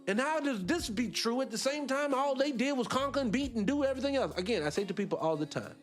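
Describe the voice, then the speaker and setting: A man hosting a radio talk show, arguing his points in an animated, rhetorical way and repeating himself for emphasis. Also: very high-pitched, fast, soft background music. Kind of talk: opinionated solo radio talk.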